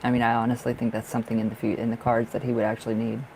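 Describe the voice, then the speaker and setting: A man doing a live tarot reading for viewers, his voice rough with a gravelly edge. He rambles and circles back on himself, leans on fillers, and speaks bluntly, swearing freely. A faint hiss sits under the voice. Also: mid-range voice, completely flat delivery, very fast, a little mellow, poor audio. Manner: rambling, emphatic, heavy on fillers. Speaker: tarot reader.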